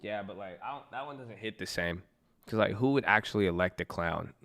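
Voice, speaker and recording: A young Southern California man streams from his computer indoors, reading viewer messages and chatting in a joking, slangy, profane way. His voice is fairly low and a bit bright, with lively intonation, a brisk pace, and some creak.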